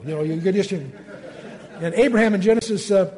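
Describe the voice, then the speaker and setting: A man's voice: sits high, moderate pace, a little mellow. Older man reading scripture with fervor. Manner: reads scripture aloud with rising emphasis, then chats with fillers and asides. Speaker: Bible teacher. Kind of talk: conversational Bible teaching.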